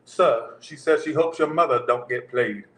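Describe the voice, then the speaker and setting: A man's voice: medium pitch, normal speed, a bit bright. A man giving a casual tarot reading, talking loosely and straight to his viewers. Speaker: tarot reader. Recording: roomy echo with faint background hum.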